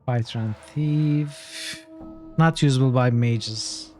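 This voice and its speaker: A man's voice: medium pitch, slow pace, a little mellow. Man musing aloud over a game. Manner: thinks aloud, repeats words, mutters to himself. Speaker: streamer. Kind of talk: casual gameplay commentary.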